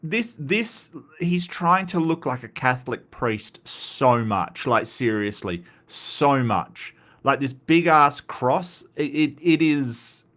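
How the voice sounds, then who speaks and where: A man's voice: mid-range voice, expressive, slow, few pauses, a bit bright. An Australian man hosting a casual commentary show, rambling and blunt, swearing freely and answering his chat. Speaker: commentary host.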